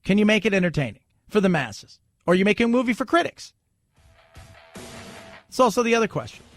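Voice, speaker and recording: High, gravelly-voiced male talk radio host. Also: fast talker, faint music behind. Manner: chatty, joking, animated. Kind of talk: casual opinionated talk radio.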